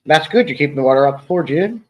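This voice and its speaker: A man's voice: on the high side, lively intonation, quick pace, low-quality recording. A man casually hosting a home live stream, rambling and joking as he answers chat and people in the room.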